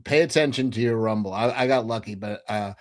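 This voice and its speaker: A man's voice: on the low side, a little fast. A man guesting on a livestream, talking bluntly and casually with restarts and swearing.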